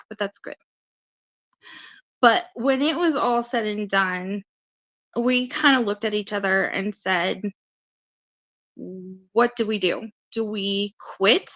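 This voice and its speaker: A woman hosts a casual livestream, with a voice sitting a touch higher than most. She talks straight to her viewers, earnest and emotional, and keeps reassuring them. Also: fairly bright tone. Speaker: livestream co-host and advocate.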